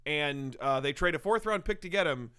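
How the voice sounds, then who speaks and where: A man's voice: a little high, expressive, normal speed, bright, forceful tone, clear, resonant tone. A man co-hosting a comedy sports podcast, riffing and joking. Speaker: podcast co-host.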